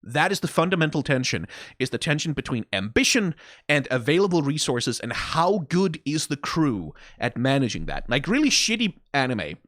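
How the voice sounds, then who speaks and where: A man's voice: on the high side, moderate pace, dry recording, clean studio sound. A man hosting an anime reaction, rambling in casual, profane commentary with many restarts and bursts of mock anger. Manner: animated, profane rambling with frequent restarts and laughs.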